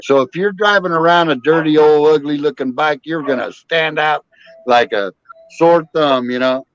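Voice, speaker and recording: A man's voice: on the high side, normal speed, clean tone, dull audio. A man chatting casually, blunt and joking about bikes. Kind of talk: casual chat.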